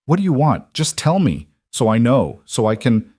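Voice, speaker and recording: A man reading a story voices a frightened young frontier mother who talks in a sharp, shaky, pleading way. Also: medium pitch, very animated, moderate pace, no room sound, clean studio sound, pitched above the performer's own voice, lightly acted. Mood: accusing.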